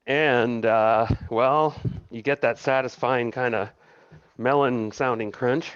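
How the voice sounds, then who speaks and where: A man narrating as game master, chuckling and halting with many restarts. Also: mid-range voice, fairly even intonation, clean tone, dry recording, highs cut off.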